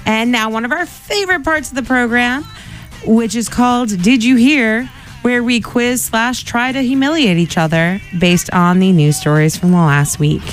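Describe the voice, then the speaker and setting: A man's voice: very high voice, moderate pace, a bit bright, soft background music. A man hosting a radio show in a studio, chatting casually with lots of "like" fillers and easy laughter.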